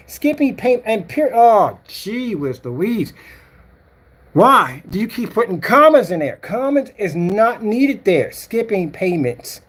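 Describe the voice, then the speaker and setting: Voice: medium pitch, breathy edge. A vlogger ranting casually to camera, scolding and mocking a troll while reading his comments aloud.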